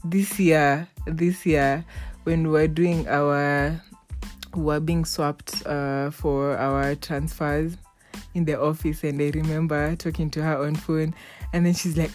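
A woman's voice: low voice, slow pace, faint music behind. A young woman, chatting casually and telling stories, acting out the people she quotes and laughing often. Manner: animated, laughing, acts out quoted voices. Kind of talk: casual storytelling chat.

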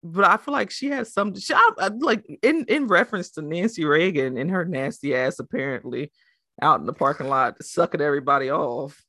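A woman's voice: low-pitched, fairly quick, fairly bright tone, no room sound, clean studio sound. A woman co-hosting a podcast in casual chat, cursing a lot, tripping over her restarts, and laughing through her own rants. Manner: profane, stumbling restarts, laughing asides. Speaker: podcast co-host.

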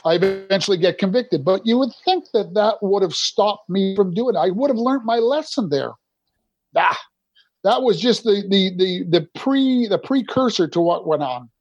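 Podcast guest: middle-aged man from Canada, higher voice, rambling and candid, dull dry remote audio. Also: lively intonation, moderate pace, darkish tone, slightly rough, no room sound. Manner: rambling, restarts often. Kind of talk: candid recovery story.

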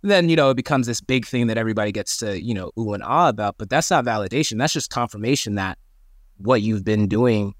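A man's voice: fairly low pitch, animated, quick pace, dry recording, studio quality. A man talking as a podcast guest, earnest and emphatic, with casual slang. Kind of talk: conversational interview.

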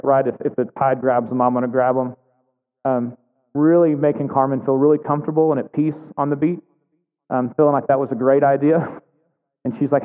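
A man preaching a sermon as a pastor, telling a story casually and conversationally with humor. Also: mid-range voice. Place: church sanctuary. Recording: phone-like sound in a large reverberant hall.

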